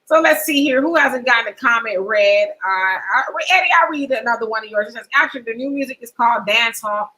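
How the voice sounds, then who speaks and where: Middle-aged woman host, bright and lively, chatty live-stream talk, reads comments aloud. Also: a little high, a little fast, few pauses, low-quality recording. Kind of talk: casual live-stream chat reading comments.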